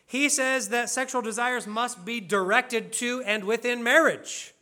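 A man's voice: very high-pitched, measured pace, few pauses, bright, forceful tone. A man preaching a sermon, explaining scripture in an earnest, conversational way with casual asides. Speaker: pastor.

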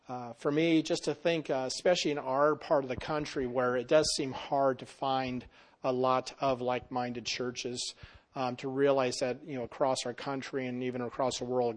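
A man, a pastor, telling a story in casual group talk, rambling with many fillers and restarts. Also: mid-range voice.

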